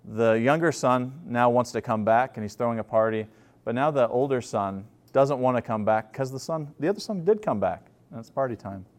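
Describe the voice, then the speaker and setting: A man's voice: medium pitch, expressive, normal speed. A male pastor delivers a sermon as an easygoing story told to a congregation. He talks informally, often restarting his sentences and using filler words between thoughts.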